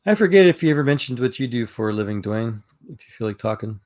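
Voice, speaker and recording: A man's voice: medium pitch, animated, fast, a little mellow. A middle-aged man from Texas telling rambling stories in a casual chat, with many fillers and restarts. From Texas, USA. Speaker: chat room participant.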